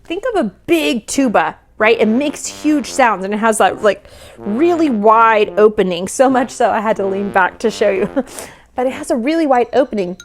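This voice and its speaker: A woman vocal coach giving lively, casual reaction commentary, often singing short examples and laughing. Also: a little high, moderate pace. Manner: animated, demonstrative, sings examples, laughs often.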